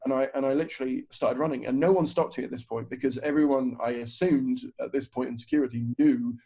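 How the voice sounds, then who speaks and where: A man's voice: mid-range voice, fairly even intonation, fast, dark tone, slightly rough. A man, a stand-up comedian telling a story on a podcast, swearing freely and acting out other people's lines. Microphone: video call. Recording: dull, lo-fi video call audio.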